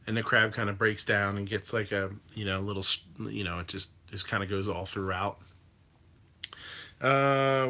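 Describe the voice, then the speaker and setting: A man hosts a live stream in a loose, rambling way, with plenty of ums and the odd curse. His voice is bright and forceful. He reacts freely to what his viewers type. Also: on the low side, fairly even intonation, normal speed. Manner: rambling, loose, with swearing and many fillers. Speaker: livestream host reading chat. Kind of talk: casual chat.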